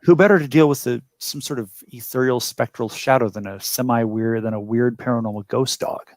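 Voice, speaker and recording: A man's voice: medium pitch, a little fast, a little mellow, no echo. Man, tabletop player, wry, playful, dry close sound. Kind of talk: tabletop game play.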